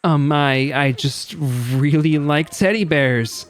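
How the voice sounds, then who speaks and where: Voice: mid-range voice, takes it slowly, close to an everyday voice. A streamer voicing a nervous young male prisoner in a game, stammering and apologetic. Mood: pleading. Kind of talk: reading game dialogue aloud.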